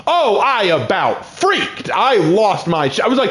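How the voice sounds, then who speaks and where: A young man casually telling personal stories while playing a game, with excited outbursts. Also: sits high, slow pace, few pauses, a little hiss or hum. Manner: lively, shifts from calm to excited outbursts. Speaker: gaming channel host.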